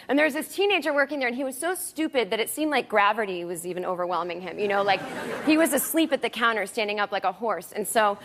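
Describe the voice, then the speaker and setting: A woman performing a stand-up comedy set on a club stage with a dry, deadpan delivery. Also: mid-range voice. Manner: dry, deadpan delivery with quick acted-out quotes. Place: comedy club stage before a live audience. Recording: live club recording, audience laughter and noise. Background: audience laughing.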